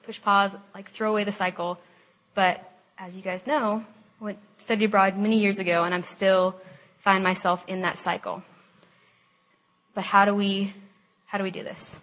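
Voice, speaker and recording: A young woman giving a personal Christian testimony, chatty and animated, laughing often and saying "like" a lot. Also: mid-range voice. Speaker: speaker at a Christian gathering.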